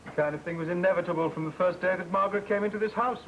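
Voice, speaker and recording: A man's voice: high voice, rapid-fire, lo-fi sound, lightly acted. An actor playing a stern, domineering father giving curt orders, in an old television drama. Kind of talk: 1960 television drama acting. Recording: noisy old television soundtrack.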